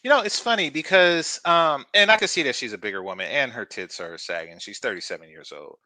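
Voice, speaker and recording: A man's voice: medium pitch, lively intonation, fairly quick, pushed and bright, dry recording. A man hosting a reaction commentary channel, talking in a blunt, crude and mocking way.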